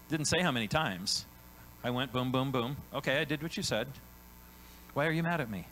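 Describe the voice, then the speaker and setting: A man preaching in a loose, chatty way, tossing in "right?" after his points and slipping into quick voices for the people he describes. His pitch sits right in the middle for a man. A faint hum runs under the recording. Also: bright, forceful tone, poor audio. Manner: conversational preaching, frequent "right?" tag questions; acts out biblical characters in quick voiced asides. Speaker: pastor. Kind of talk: sermon.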